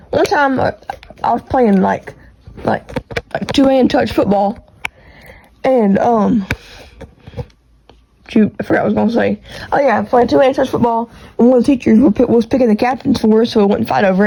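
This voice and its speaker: A woman with a thick Texas country accent hosting her own podcast from her bedroom, talking quickly and rambling with restarts, recorded on earbuds and a phone. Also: a little high, vocal fry, mellow, slight background noise, poor audio. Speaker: podcast host. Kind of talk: casual solo podcast chat. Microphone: AirPods with iPhone recording.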